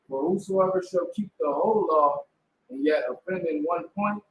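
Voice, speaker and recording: A high-pitched man leads a Sabbath class like a preacher, firing rhetorical questions and pulling answers from the room. His voice rings around a reverberant space, with a lively, pressing delivery. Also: normal speed, background noise. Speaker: religious class teacher. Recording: echoey room.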